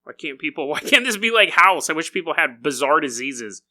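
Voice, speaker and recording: A man's voice: on the high side, very animated, brisk, pushed and bright, exaggerated voice. A man voicing a bored, lazy male general doctor who drawls and whines offhandedly.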